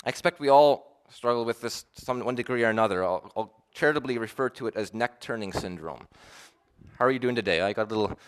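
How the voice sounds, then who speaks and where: Man, pastor, sermon, earnest, emphatic then hushed, medium pitch. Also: fast talker, clean tone. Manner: earnest preaching, swings between emphatic and hushed.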